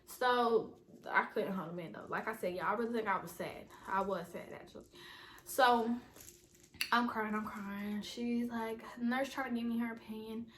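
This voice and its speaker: A woman's voice: on the high side, fairly even intonation, moderate pace, a little hiss or hum. A young adult woman vlogger in a casual storytime video, rambling and talking straight to her viewers. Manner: chatty, rambling, talks straight to viewers as "y'all".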